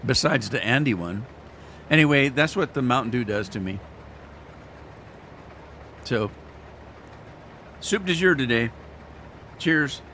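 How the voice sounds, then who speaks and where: Male gaming streamer, folksy and rambling, scratchy throat he keeps clearing, casual live chat. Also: mid-range voice, animated, slow, long pauses, a bit bright. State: throat irritated, clearing throat often. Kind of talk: casual chat to live viewers while playing.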